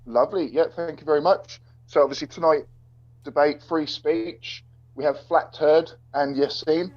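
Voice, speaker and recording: Man, relaxed moderator, muffled lo-fi stream audio. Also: a little high, moderate pace. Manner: easygoing, laid-back. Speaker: debate moderator. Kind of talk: casual livestream talk. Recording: dull lo-fi online audio.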